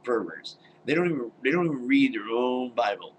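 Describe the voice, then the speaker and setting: A man's voice: mid-range voice, big pitch swings, fairly quick, slight background noise, poor audio. An older man ranting into his webcam at home, blunt and exasperated, swearing and scoffing in disbelief. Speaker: webcam vlogger. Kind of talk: angry personal rant.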